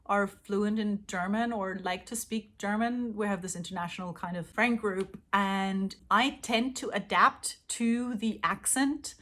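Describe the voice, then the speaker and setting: A woman's voice: mid-range voice, unhurried, few pauses, sharp tone. A young woman with an accent that mixes British and Canadian English, chatting casually as a language-learning vlogger and drifting off on tangents. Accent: mix of British and Canadian English. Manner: rambling, tangent-prone, chatty. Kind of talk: casual chat.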